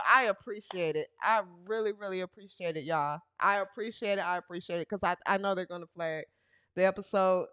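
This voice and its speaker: A woman hosting a comic sports talk livestream, mocking and animated, with exaggerated hollering. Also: mid-range voice, brisk, clean tone, no room sound, studio quality. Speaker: show host.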